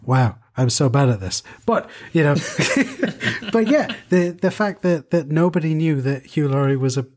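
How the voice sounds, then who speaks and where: A man's voice: a little high, expressive, measured pace, hardly any pauses, darkish tone. A man in a casual chat who tells a long, rambling story full of fillers and self-corrections.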